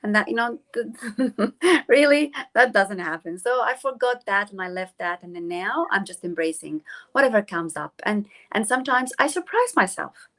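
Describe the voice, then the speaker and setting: A woman guest on a talk show, speaking reflectively and haltingly with many pauses and fillers. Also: mid-range voice, animated, a bit bright. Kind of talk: casual reflective chat.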